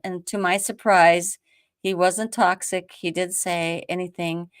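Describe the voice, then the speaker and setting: A woman from the United States hosting a show, telling a story in a lively casual way, acting out quotes with many restarts. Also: medium pitch, measured pace, no echo, studio quality. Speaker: host.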